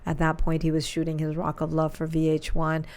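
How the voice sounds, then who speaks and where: Low, gravelly-voiced woman in chat. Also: completely flat delivery, a little fast, a little mellow. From Pakistan. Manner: chatty and joking, with asides. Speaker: radio DJ and school district spokeswoman, guest. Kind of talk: casual interview chat.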